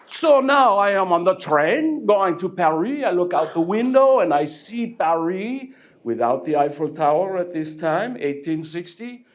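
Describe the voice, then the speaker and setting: A man's voice: high voice, measured pace. A man playing a theatrical French painter storyteller. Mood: playful. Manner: animated, joking with the audience. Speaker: actor portraying a painter. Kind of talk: live one-man character performance. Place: village hall, live audience.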